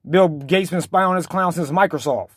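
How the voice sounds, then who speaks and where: A man's voice: on the high side, normal speed, a little hiss or hum. A man giving blunt, slangy, mocking reaction commentary over a video clip.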